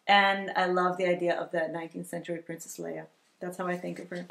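A woman's voice: on the low side, little pitch movement, quick pace, gravelly, a bit bright. A woman co-hosting a vlog, chatting enthusiastically and reading viewer comments aloud. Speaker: vlog co-host. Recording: echoey room.

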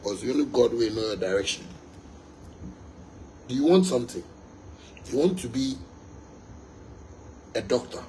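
A man's voice: mid-range voice, lively intonation, moderate pace, long pauses, mellow, a little hiss or hum, low-quality recording. A young Ghanaian man, a musician, delivering a fiery, emphatic monologue to his fans, repeating his points and slipping into pidgin.

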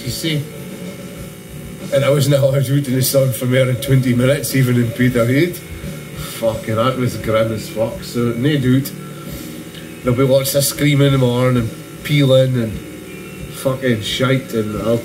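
A middle-aged man with a northeast Scottish accent, rambling through profane, storytelling chat in a casual hobby vlog. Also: mid-range voice. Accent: Scottish, northeast Doric. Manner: profane, storytelling, heavy swearing. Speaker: hobby painting vlogger.

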